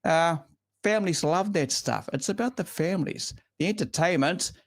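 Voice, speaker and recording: A man's voice: a little high, normal speed, no room sound. A man hosting a casual motorsport chat show, speaking in long, emphatic, opinionated runs. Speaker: show host.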